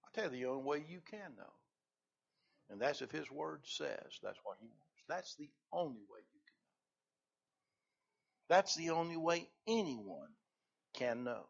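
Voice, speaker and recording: A man preaches in a fairly high voice, building to loud emphatic peaks and then sinking back to a quiet, intimate level. The recording is dull and lo-fi, with muffled highs. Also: sing-song, a little slow, creaky, pauses often, husky. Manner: swells loud on key phrases, then drops low. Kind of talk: sermon.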